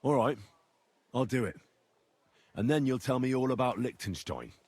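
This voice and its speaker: A man's voice: medium pitch, expressive, normal speed, a little mellow, husky, dry recording. An actor voicing a plain-spoken young man in a medieval game, blunt with a dry humor. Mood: steady. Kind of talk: game dialogue.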